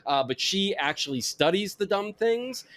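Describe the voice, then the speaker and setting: A man's voice: high-pitched, lively intonation, normal speed, a bit bright. A man hosting a podcast about wine and comics, talking casually and rambling through his plugs. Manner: rambling, self-correcting plugs. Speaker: podcast host.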